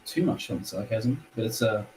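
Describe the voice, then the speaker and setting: A man's voice: fairly low pitch, moderate pace, distant mic, crowd noise, rough recording. A man chatting on a hobby livestream as a guest, laid-back and laughing often, using local slang. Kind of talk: casual livestream chat.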